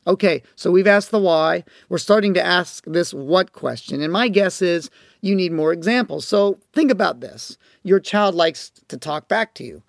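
Male parenting coach, raised pitch, gravelly texture, dry studio read, storyteller. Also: lively intonation, moderate pace, no room sound. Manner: storytelling, acts out parent and child voices. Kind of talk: audio course lecture.

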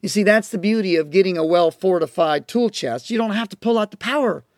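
A man's voice: high-pitched, dry recording, clean studio sound. A man speaking about parenting, telling stories earnestly and with emphasis, and acting out the parents and children in them. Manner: acts out quoted parents and children in his stories; earnest, emphatic, slows down on key points. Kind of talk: storytelling talk to a listener.

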